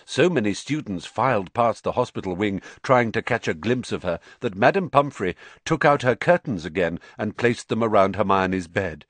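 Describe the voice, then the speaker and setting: A man reading a storybook aloud, narrating in a lively, expressive way. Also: lowish voice, dry recording.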